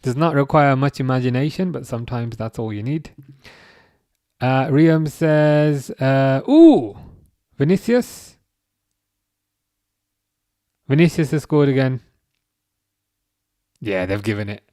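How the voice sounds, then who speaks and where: A man in his thirties hosting a live football watchalong, chatting casually and reading out comments, with a halting, restarting way of talking. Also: mid-range voice, animated, dark tone, dry recording, clean studio sound. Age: 30s. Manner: halting, many restarts, chuckles often.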